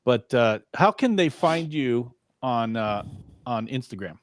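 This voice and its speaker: A man's voice: mid-range voice, lively intonation, unhurried, dry recording. A man hosting a casual talk show over a video call, easygoing and trailing off with fillers and chuckles. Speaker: show host.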